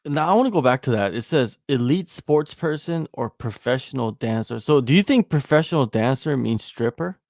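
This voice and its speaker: A man co-hosting a podcast in casual chat, animated, riffing on jokes and repeating lines for emphasis. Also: medium pitch, moderate pace, few pauses, no echo, studio quality. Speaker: podcast co-host.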